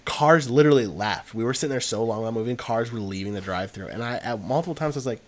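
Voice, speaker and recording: A man's voice: mid-range voice, fast talker, few pauses. A young man, co-hosting a podcast and telling a long, rambling anecdote in casual chat, full of fillers. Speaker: podcast co-host.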